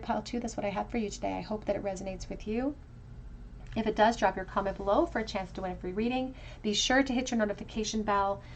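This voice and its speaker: A woman's voice: mid-range voice, slight background noise. Woman musing through a tarot reading. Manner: musing, talks through card meanings with soft fillers. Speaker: tarot reader. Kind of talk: tarot pick-a-card reading.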